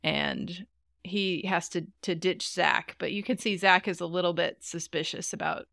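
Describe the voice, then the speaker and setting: A chatty woman co-hosting a podcast, amused and quick to laugh. Her voice is bright with a gravelly edge. The room is dry and the mic close. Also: lowish voice, fairly even intonation, no echo. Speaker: podcast co-host. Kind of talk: casual chat.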